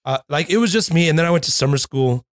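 A man's voice: on the high side, lively intonation, fast talker, no room sound, studio quality. A man in his thirties who works as a DJ, talking easily on a podcast and laughing often. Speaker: DJ guest. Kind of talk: casual chat.

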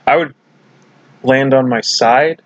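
Recapping a sitcom episode, a podcast co-host chats in a relaxed way, recounting scenes and laughing often. He speaks slowly at a medium pitch, and the audio is dull but free of echo.

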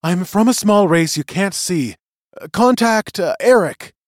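A desperate, shrill little voice of an invisible captive creature. It sits far above his usual pitch, loud and urgent, recorded dry and close. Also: expressive, measured pace, dry recording. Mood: pleading. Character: tiny invisible captive being, desperate and pleading.

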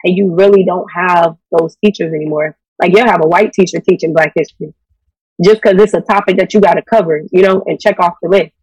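A woman speaks in a relaxed, opinionated way, often adding "you know" as she talks. Her mic sits a bit away from her, yet the sound stays dry. The talk is loose, casual conversation. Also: on the low side, a little fast, breathy edge, no echo, distant mic, rough recording. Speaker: podcast co-host. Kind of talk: casual chat.

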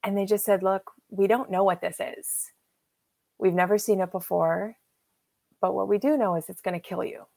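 Her voice is mid-range and creaky, moving at normal speed. As an interview guest in her fifties, she emotionally and animatedly retells a personal story, acting out what others said to her.

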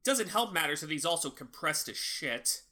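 A man's voice: a little high, big pitch swings, moderate pace, pushed and bright. A young man co-hosting a podcast, chatting casually with a critical, teasing edge. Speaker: podcast co-host. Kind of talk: casual chat.

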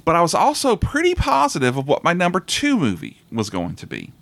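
A man's voice: on the high side, huge pitch swings, brisk, creaky, a bit bright. A man hosting a casual podcast chat about movies, rambling with frequent restarts and laughter.

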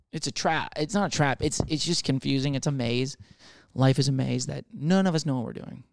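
A comedian in his twenties delivers a rambling, profane comic monologue full of restarts. His voice is fairly high, brisk, and gravelly, recorded dry at studio quality.

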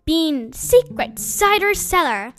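A woman voicing a confident, sly male fox and father, smooth and commanding, in a storybook reading. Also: very high-pitched, sing-song, slow pace, a bit bright, full character voice.

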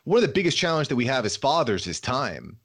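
A man in his thirties talking as a guest on a casual podcast interview, upbeat and energetic, laughing easily. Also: medium pitch, fast talker, breathy edge.

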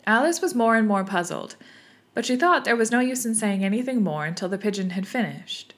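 A woman narrating a storybook in a measured, even way. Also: fairly high pitch.

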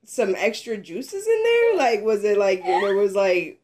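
A woman's voice: mid-range voice, huge pitch swings, measured pace, darkish tone. A woman hosting a podcast in casual chat, teasing her co-host and swearing freely. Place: small living room.

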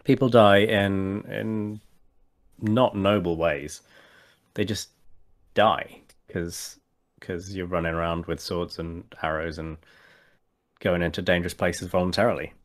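A man's voice: deep voice, steady tone, unhurried, pauses often. A man chatting casually as a podcast co-host and tabletop player, rambling with many fillers and restarts. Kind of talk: casual chat.

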